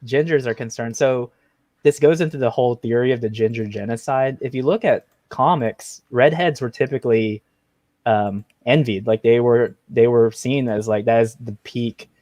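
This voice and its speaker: Relaxed man musing with many fillers. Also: medium pitch, normal speed, dry recording. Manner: laid-back, filler-heavy musing. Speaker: comic artist guest. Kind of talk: casual group chat.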